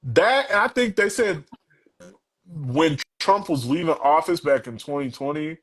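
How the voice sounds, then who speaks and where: A man talking casually on a podcast, animated and talking in long runs with quick asides. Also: a little high, husky, rough recording. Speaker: podcast guest.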